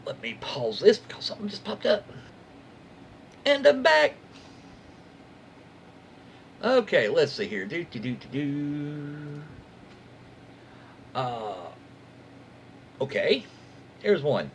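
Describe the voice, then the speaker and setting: A man reads internet stories aloud in a slightly high, very lively voice. He keeps it casual, breaking off to react and comment on what he reads. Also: slow pace, pauses often, a little hiss or hum. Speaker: reddit story reader. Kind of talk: casual story reading.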